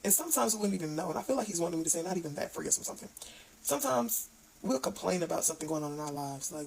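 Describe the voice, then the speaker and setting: A woman's voice: fairly low pitch, animated, gravelly, darkish tone, husky, low-quality recording. A woman giving an earnest, informal devotional talk, with restarts and stumbles over her words. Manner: reads scripture aloud haltingly. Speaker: online devotional speaker.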